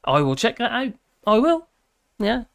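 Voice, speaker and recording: A woman's voice: on the high side, sing-song, a little slow, gravelly, dry recording. A tired woman, rambling and grumbling in casual chat while reading out comments on her live stream.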